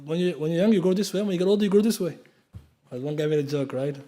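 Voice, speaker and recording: An Islamic lecturer gives a classroom-style lecture in a mosque, his voice on the high side, mellow, and racing. He's emphatic, asks lots of rhetorical questions, and spells out key terms for his students.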